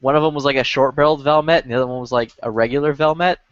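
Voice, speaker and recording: A man's voice: medium pitch, fairly even intonation, racing, smooth, no room sound, dull audio. Rambling profane man on voice chat. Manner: profane, rambling, many filler "like"s. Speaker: lobby chat regular. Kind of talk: casual storytelling chat.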